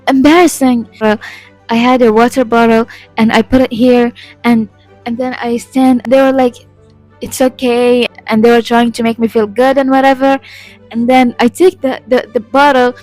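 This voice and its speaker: A young woman vlogger with a slightly high voice tells her story in a loose, rambling way. She swears freely and laughs at herself often. Faint music sits underneath. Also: darkish tone, dry recording, poor audio. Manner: rambling, profane and self-deprecating, laughing often. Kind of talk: casual storytime vlog.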